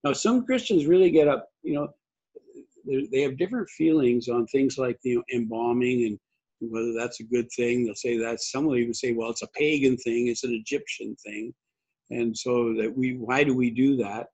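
An older man giving a conversational sermon, husky, rambling and restarting often. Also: mid-range voice, normal speed, darkish tone. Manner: rambling, many restarts and fillers. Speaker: pastor. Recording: dull lo-fi recording.

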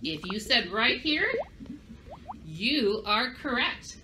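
A woman's voice: fairly high pitch, big pitch swings, slow, background noise. A woman librarian giving a children's craft and story lesson, upbeat and speaking directly to young kids.

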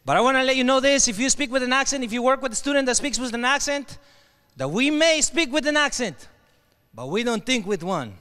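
A keynote speaker with a Mexican Spanish accent tells his story to a crowd, animated, throwing questions out to the audience. His voice sits very high and sounds sharp and bright. A long reverb from a large hall trails behind him. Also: a little fast, smooth.

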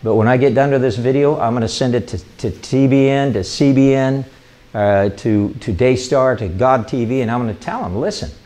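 A man's voice: medium pitch, moderate pace. Older guy preaching casually, all fired up, rambles on. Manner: excitable, rambling, enthusiastic. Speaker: evangelist hosting a ministry show. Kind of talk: informal sermon talk to camera.

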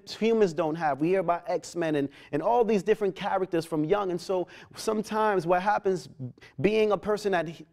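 A man's voice: fairly high pitch, a little mellow. A man giving a personal testimony, earnest and often repeating words as he restarts his sentences. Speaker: testimony speaker.

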